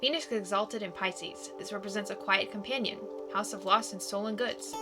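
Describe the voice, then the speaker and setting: A woman's voice: mid-range voice, steady tone. Casual woman reading game text over music. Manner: casual, plain reading with quick asides. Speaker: gaming YouTuber.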